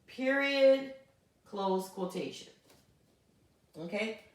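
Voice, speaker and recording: A woman teaching a grammar lesson. She is patient, checks in often with a quick question, and spells things out slowly one word at a time. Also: fairly high pitch, far from the mic. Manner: patient, checks in with frequent "okay?". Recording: echoey room, voice from off mic.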